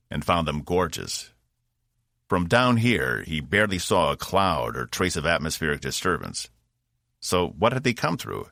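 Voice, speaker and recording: Man, audiobook narrator, very low voice, gravelly, lively intonation, dry studio sound. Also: dry recording.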